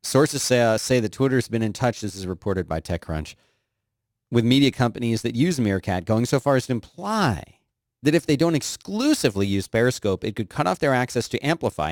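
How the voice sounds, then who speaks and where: A middle-aged man hosting a podcast, reading tech news in a casual, joking way and sometimes jumping into high silly voices. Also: a little mellow, no echo, clean studio sound. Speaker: podcast host.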